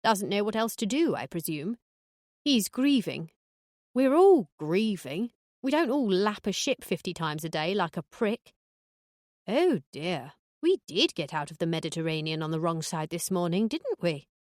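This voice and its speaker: A woman's voice: on the low side, big pitch swings, a little slow, a little mellow, dry recording. A woman voicing a blunt, foul-mouthed older woman who lives on a cruise ship, trading dry, crude put-downs in an audiobook. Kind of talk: audiobook dialogue.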